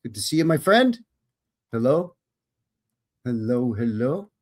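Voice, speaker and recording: A man's voice: medium pitch, big pitch swings, a little slow. A Canadian man hosting a live stream in a folksy, jokey, casual way. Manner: folksy, jokey, greets viewers by name. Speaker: host.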